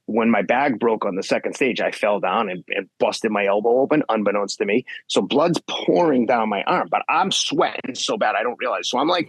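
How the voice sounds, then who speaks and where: A man in his fifties, a guest athlete telling race stories in blunt, profane, animated casual chat. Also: on the low side, fairly quick, few pauses, breathy edge, no echo. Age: 50s. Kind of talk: casual podcast storytelling.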